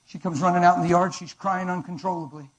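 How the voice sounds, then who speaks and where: A man's voice: high-pitched, fairly even intonation, quick pace, rough recording. A man preaching, giving a dramatic, emphatic testimony. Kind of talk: sermon testimony.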